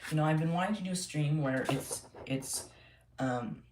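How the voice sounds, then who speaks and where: A man's voice: fairly high pitch, moderate pace. Rambling man on a live stream. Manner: rambling, many fillers and restarts. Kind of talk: casual live stream chat. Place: home room. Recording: echoey room, faint noise.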